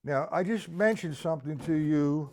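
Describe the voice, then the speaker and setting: A man's voice: on the high side, moderate pace. A man teaching a drum lesson on a live stream, explaining exercises in a patient, conversational way and counting beats aloud. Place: room with a drum set. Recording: loud drum kit playing behind the voice.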